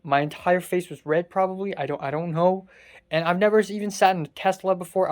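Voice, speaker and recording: Young adult vlogger, from Hong Kong, rants through a rough day, salty, swears a lot, mid-pitched voice. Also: steady tone, fairly quick. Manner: venting, exasperated, swears often. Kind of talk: casual storytelling monologue.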